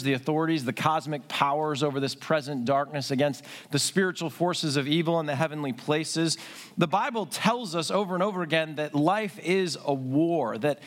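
A man preaching as pastor at a church service, earnest and measured, with occasional hesitant fillers. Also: fairly high pitch, fairly bright tone. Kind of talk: sermon.

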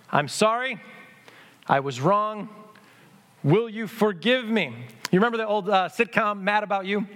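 A middle-aged man delivering a sermon in a notably high voice. He talks in a conversational way, acts out little quotes and leads the congregation through responses. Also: fairly bright tone. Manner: conversational preaching with acted quotes and audience prompts. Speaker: pastor.

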